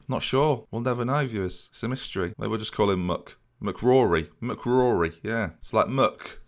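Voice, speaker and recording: A man's voice: fairly low pitch, fairly quick. A man giving self-mocking let's play commentary, talking straight to his viewers. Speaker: gaming YouTuber.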